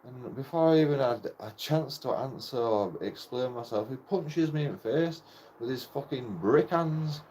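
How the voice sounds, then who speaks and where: A man's voice: medium pitch, moderate pace, few pauses, dark tone, slight background noise. A young man tells a personal story in a casual, rambling way. He swears constantly and breaks off with short laughs between phrases. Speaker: channel host telling a personal story.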